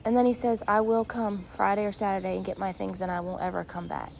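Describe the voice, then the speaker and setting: Tearful woman, thirties, soft mellow voice, halting and rambling, faint rural outdoor noise. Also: mid-range voice, little pitch movement, creaky. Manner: emotional, rambling, halting, near tears. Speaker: vlogger. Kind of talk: personal vlog confession. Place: rural home, barn nearby.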